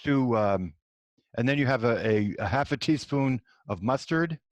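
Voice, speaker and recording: A man's voice: mid-range voice, moderate pace, no room sound, highs cut off. A middle-aged man hosting a show, telling a personal story and acting out the dialogue, with frequent restarts. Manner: animated, acts out quoted dialogue with many restarts. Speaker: host.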